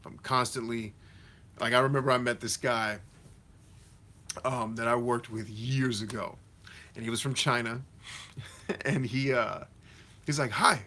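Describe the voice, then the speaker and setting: Answering viewers straight from the comments, this man runs a casual live Q&A stream with a slangy, motivational coach vibe. His mid-range voice is pushed and bright, fairly even in intonation, at a measured pace with frequent pauses.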